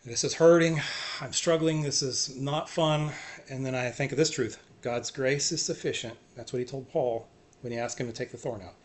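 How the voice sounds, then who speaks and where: Earnest soft-spoken man sharing faith. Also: mid-range voice, steady tone, normal speed. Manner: earnest, self-encouraging, repeats short phrases. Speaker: faith vlogger. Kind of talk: personal faith talk to camera.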